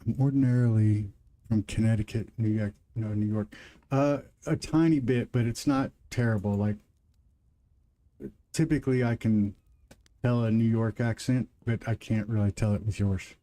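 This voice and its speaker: Over slight background noise, a man with a lowish, dark voice talks at a normal pace. He's a livestream gamer host from the American Midwest with a regional twang, rambling casually to his viewers in between game moves.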